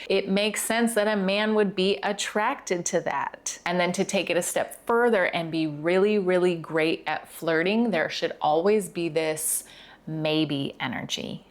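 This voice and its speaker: Young woman, dating coach, video lesson, slow deliberate enunciation, lowish voice.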